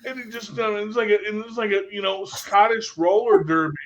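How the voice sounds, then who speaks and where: A man's voice: high-pitched, fairly even intonation, brisk, few pauses, a bit bright. A man hosting a casual radio chat, jokey and rambling, slipping into silly impressions. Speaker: podcast host. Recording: dull lo-fi audio.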